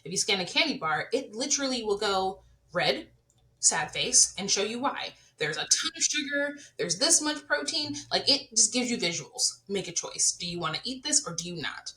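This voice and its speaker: A woman's voice: lowish voice, pushed and bright, low-quality recording. A woman in her thirties hosting a podcast, talking earnestly and candidly to her listeners about her own life. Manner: earnest, confessional, addresses listeners directly. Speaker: podcast host. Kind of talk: candid personal chat.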